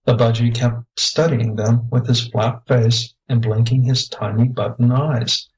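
A man's voice: mid-range voice, steady tone, measured pace, a little mellow, rough recording. A man steadily reading a children's space adventure story aloud. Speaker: narrator.

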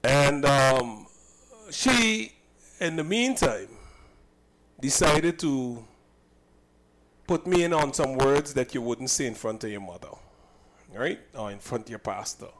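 A man's voice: medium pitch, expressive, takes it slowly, pauses often, a bit bright, rough recording. A man from Saint Kitts, a cook and business owner, recounting a personal incident in an emphatic, indignant way and often repeating himself.

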